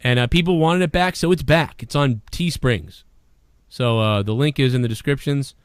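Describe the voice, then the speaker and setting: A man hosting a live-streamed talk show, ranting profanely and swinging between a low grumble and loud shouting. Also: moderate pace, clean tone, dry recording, clean studio sound. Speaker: podcast host.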